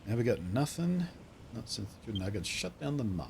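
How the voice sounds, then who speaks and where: A man's voice: fairly low pitch, sing-song, normal speed, creaky, darkish tone, a little hiss or hum. A man voicing a hopeful young woman from a game who wants to revive a mining town, speaking in an eager, pleading way.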